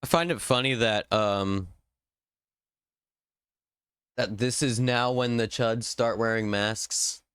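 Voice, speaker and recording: Young male streamer from Indiana, loose rambling chat full of ums, smooth clear voice, dry close sound. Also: medium pitch, a little slow, a bit bright, dry recording. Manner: rambling, thinking aloud with fillers. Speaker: livestream host.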